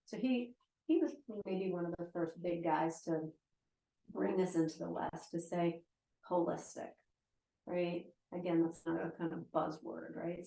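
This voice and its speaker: A woman in her forties teaches yoga and meditation in a casual live lecture. Her voice is lowish with a darkish tone, and she's chatty, sprinkling in plenty of "right?" asides. The room gives the recording a noticeable echo.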